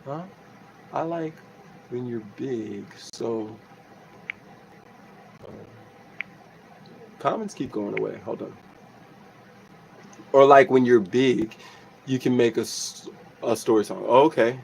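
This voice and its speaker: A young man hosting a casual livestream as a musician, reading comments aloud and thanking his viewers warmly, often restarting his sentences. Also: medium pitch, takes it slowly, vocal fry, long pauses, noisy background. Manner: reads chat aloud, grateful and emotional, many restarts.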